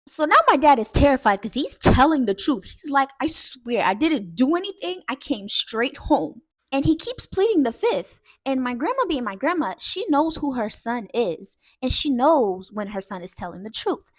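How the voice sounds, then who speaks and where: Brief: chatty woman storyteller, high voice, dry close sound, talking straight to viewers. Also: moderate pace, few pauses, dry recording. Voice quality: lively, chatty, talks to viewers directly. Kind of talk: casual storytime narration.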